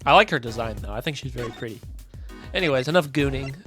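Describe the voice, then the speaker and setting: A man's voice: mid-range voice, lively intonation, fast talker, a bit bright, faint music behind. A man streaming a video game, chatting in casual commentary with offhand asides.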